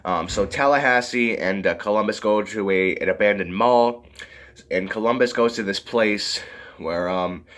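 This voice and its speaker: A man's voice: on the low side, normal speed, a bit bright. A man reviewing a movie in a casual, rambling way, full of fillers and often giggling.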